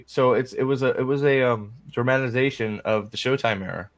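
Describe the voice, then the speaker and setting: A middle-aged man from California chatting casually as a streamer and podcast host, excitable and profane, rambling with many restarts. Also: mid-range voice, a little fast. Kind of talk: casual chat.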